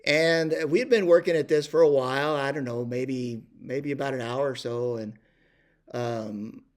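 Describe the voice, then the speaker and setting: A man's voice: mid-range voice, moderate pace. An older man telling a rambling ranch story, full of fillers and restarts. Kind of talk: casual spoken storytelling.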